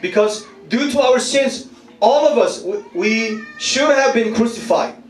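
A man preaching a sermon, animated, with laughing asides and swings from loud to hushed. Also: very high-pitched, unhurried, slight background noise. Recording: echoey, distant room mic with faint ambience.

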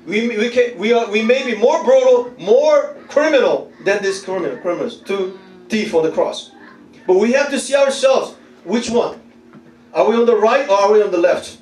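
A man preaching a sermon, animated, with laughing asides and swings from loud to hushed. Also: sits high, normal speed, a little hiss or hum. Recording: echoey, distant room mic with faint ambience.

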